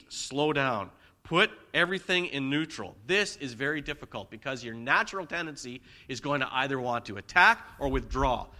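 A man preaching a conversational sermon in church, swinging between loud emphasis and quiet asides. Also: medium pitch. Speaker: pastor.

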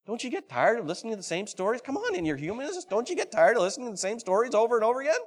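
A man preaching a sermon. He reads scripture aloud dramatically and keeps asking the congregation questions, swinging between loud and hushed delivery. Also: very high voice, very animated, racing. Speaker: pastor.

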